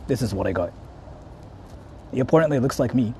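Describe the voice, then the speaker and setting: A man's voice: mid-range voice, animated, brisk, darkish tone, slight background noise. A young man vlogging outdoors, talking casually with lots of swearing, laughing and repeating himself. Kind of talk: casual IRL vlog. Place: outdoors in a city.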